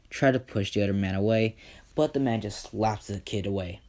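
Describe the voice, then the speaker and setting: A man's voice: on the low side, normal speed, darkish tone. A man casually improvising a fan story, rambling, leaning on filler words and correcting himself as he goes. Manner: rambling, leans on "just", self-corrects.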